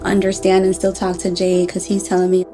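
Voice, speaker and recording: A woman softly recalling a personal experience in a podcast interview. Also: mid-range voice, completely flat delivery, brisk, music in the background.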